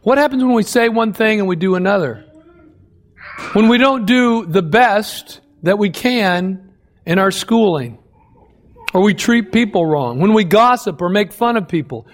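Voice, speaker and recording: A man's voice: high-pitched, animated, unhurried. A man preaching a sermon, emphatic and repeating key phrases for effect. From United States. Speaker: pastor.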